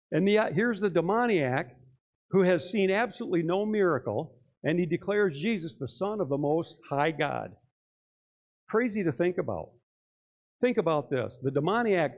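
A man's voice: fairly high pitch, a little mellow. A male pastor preaching a sermon in church, talking conversationally and putting many questions to his listeners.

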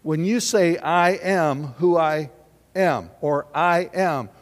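A man's voice: on the high side, slow. A man preaching a sermon to a congregation in an emphatic, conversational way, with sudden rising bursts. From United States. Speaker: pastor. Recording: reverberant hall.

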